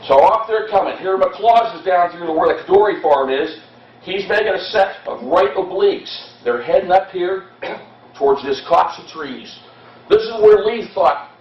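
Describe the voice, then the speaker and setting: A man's voice: high voice, moderate pace, slight background noise. A man giving an impassioned, dramatic history talk to an audience, telling the story with shifting pace. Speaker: history presenter. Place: hall at a historical society event. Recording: echoey hall, distant, dull lo-fi.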